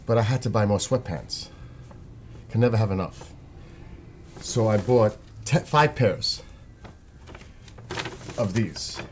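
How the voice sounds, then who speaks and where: New York streamer guy, low-ish voice, rambling chatty delivery. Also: slow, long pauses, slight background noise. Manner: rambling, chatty, talks to viewers. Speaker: live streamer. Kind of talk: casual live-stream chat.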